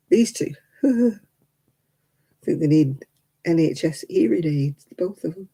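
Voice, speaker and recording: A woman's voice: lowish voice, expressive, slow, pauses often, warm tone, slightly rough, low-quality recording. A woman in her seventies chatting casually and rambling with chuckles while she hosts a crafting livestream. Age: 70s. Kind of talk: casual chat.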